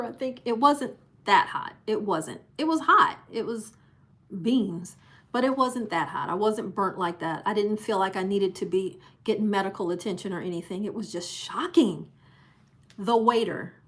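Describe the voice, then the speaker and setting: Animated woman telling a cruise story. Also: mid-range voice. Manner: animated storyteller who acts out quoted voices. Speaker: cruise channel host. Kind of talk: casual storytelling to a live audience.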